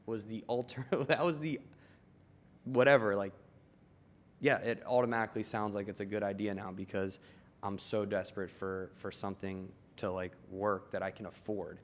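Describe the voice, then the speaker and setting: A man's voice: fairly low pitch, moderate pace. A young man from Maryland chatting casually as a podcast guest, swearing and laughing as he tells stories. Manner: swearing, laughing, animated storyteller. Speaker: guest, tailor.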